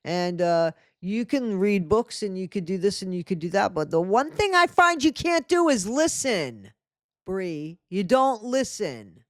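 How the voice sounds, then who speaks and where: A man's voice: high voice, big pitch swings, a little slow, no echo, studio quality. A man hosting a commentary channel, reacting indignantly and scolding the people he addresses.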